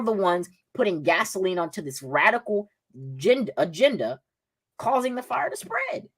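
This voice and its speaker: A man's voice: high voice, big pitch swings, moderate pace, fairly bright tone. A man with a Southern accent hosting a political livestream podcast, combative and repeating "right?" again and again. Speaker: podcast host.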